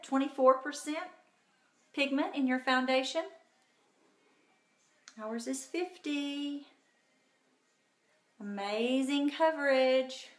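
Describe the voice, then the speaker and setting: A woman's voice: high voice, roomy sound. Bubbly woman chatting on a phone. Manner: chatty and bubbly, talks to viewers by name. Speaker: makeup tutorial host. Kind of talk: casual live makeup tutorial.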